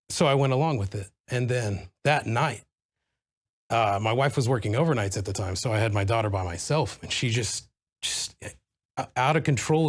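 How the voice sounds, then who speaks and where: A man appears as a guest and tells his own account earnestly. He halts often and leans on fillers, speaking in an ordinary mid-range voice. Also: mid-range voice. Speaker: guest parent. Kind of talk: personal account in a talk show.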